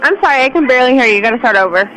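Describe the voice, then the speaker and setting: Brisk exasperated woman on phone. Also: high-pitched, expressive, bright, forceful tone, rough recording. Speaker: coffee shop employee. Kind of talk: phone call.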